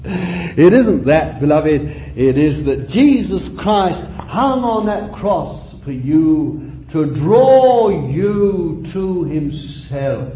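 Male preacher, high voice, slow impassioned sermon, roomy lo-fi church recording. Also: big pitch swings, dark tone. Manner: impassioned, rising and falling, drawn-out phrases.

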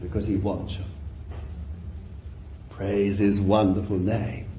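A male preacher delivering an impassioned sermon that rises and falls, with drawn-out phrases. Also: lowish voice, level tone, warm tone, slight background noise. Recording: roomy, dull lo-fi recording.

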